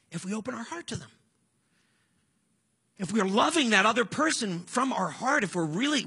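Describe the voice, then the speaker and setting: Gravelly, bright-voiced male preacher. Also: very high-pitched. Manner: conversational, storytelling, earnest. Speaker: pastor. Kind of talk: sermon.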